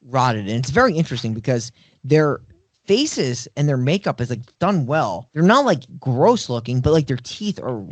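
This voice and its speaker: A man's voice: mid-range voice, sing-song, normal speed, no echo. A man co-hosting a podcast in casual chat, rambling with lots of filler words and casual swearing. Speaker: podcast co-host. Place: podcast studio.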